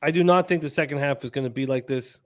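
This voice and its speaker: A man's voice: fairly high pitch, fast talker. A man hosting a live sports betting stream in a casual, upbeat way, reading out comments from viewers. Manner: upbeat, hypes bets, reads chat. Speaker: sports betting show host.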